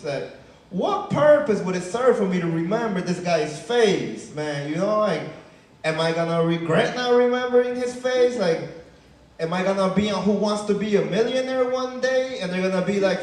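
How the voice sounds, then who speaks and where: A man's voice: high voice, animated, normal speed, a little mellow, slight background noise. A young man from Chicago doing a casual stand-up set, tagging lines with "man" and "right?". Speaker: stand-up comedian. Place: comedy club stage. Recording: echoey club heard from a distance.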